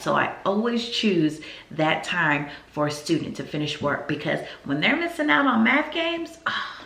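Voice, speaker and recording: A first-grade teacher gives casual classroom advice in a chatty, animated style, acting out what she says to her pupils. Her voice is mid-range, and the sound is roomy.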